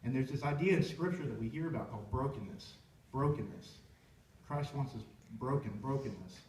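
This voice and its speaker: A man's voice: mid-range voice, lively intonation, fast talker, a little mellow. A young man, a worship leader, telling a heartfelt personal story in a rambling way with many restarts. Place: church sanctuary. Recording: echoey church room from far off.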